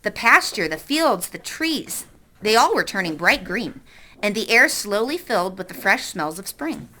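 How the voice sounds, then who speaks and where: A woman teacher reads a novel aloud to her class in an expressive way, stopping to ask the students questions. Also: medium pitch, normal speed. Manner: expressive, stops to quiz the class.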